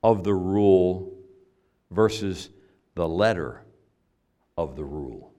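A man's voice: low-pitched, animated, slow pace, dark tone. A man preaching a sermon in a conversational way, acting out the people he quotes and sometimes stumbling over his words. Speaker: pastor.

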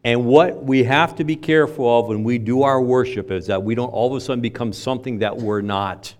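An older man preaching a sermon in a conversational way, with loud stressed phrases and quiet asides. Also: medium pitch, fairly quick. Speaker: pastor.

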